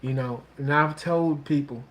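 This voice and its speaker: Slow, halting man giving frank advice. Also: on the high side. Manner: slow, halting, with many restarts and "you know". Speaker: relationship talk host. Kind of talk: casual advice monologue.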